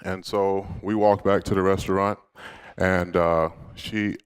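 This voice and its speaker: A man's voice: sits low, flat delivery, measured pace, clear, resonant tone. A man giving a motivational speech to a live audience, telling personal stories in a candid, humorous way. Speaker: motivational speaker. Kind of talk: inspirational storytelling speech.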